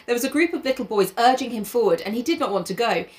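A young woman reads a novel aloud to a friend, but keeps stopping to crack jokes and swear. Her voice sits a little high and moves around a lot, full of bounce. The talk is loose and giggly. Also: animated, fast talker, darkish tone. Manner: sweary, laughs often, breaks off reading to comment. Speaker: podcast co-host reading a novel aloud. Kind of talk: casual chat with read-aloud passages.

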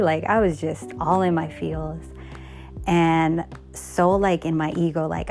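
A woman's voice: low voice, flat delivery, unhurried, vocal fry, a little mellow, soft background music. A middle-aged woman hosting a podcast, candidly telling a personal story in a rambling way, full of restarts and fillers.

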